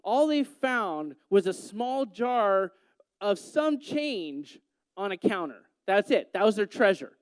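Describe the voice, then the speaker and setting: A man's voice: high-pitched, big pitch swings, takes it slowly, clean tone, dry recording. A man giving a talk to a gathering, telling a story in a playful way and teasing his listeners. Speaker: youth speaker.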